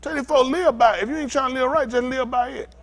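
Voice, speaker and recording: A man's voice: very high voice, fast talker. A man preaching an informal sermon, telling a story and acting out both sides of it with lots of laughter. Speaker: pastor.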